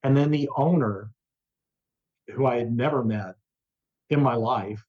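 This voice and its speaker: A man who is a rock radio personality, a guest in a remote interview, telling a story with lively energy and acting out the voices of the people he quotes. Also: medium pitch, measured pace, highs cut off. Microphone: remote interview over the internet.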